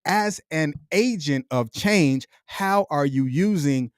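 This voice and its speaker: A man's voice: a little high, expressive, takes it slowly, clean tone, no echo. A middle-aged man giving a dry, preacherly pep talk. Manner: reflective, repetitive, preacher-like cadence. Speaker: podcast host. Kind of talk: motivational monologue.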